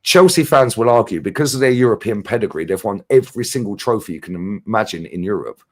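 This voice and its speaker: A London-accented man on a casual chat show panel goes off about football, swearing freely as his tangents pour out fast and long. He has a lowish voice with lively intonation.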